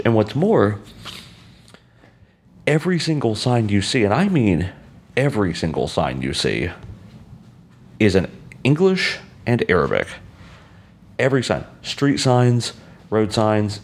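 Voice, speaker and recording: A very deep-voiced American man hosts his podcast alone, musing in a loose, rambling way full of fillers and restarts. He's outdoors on a balcony, with a faint outdoor ambience underneath. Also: darkish tone, a little hiss or hum. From United States. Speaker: podcast host. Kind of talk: casual solo monologue.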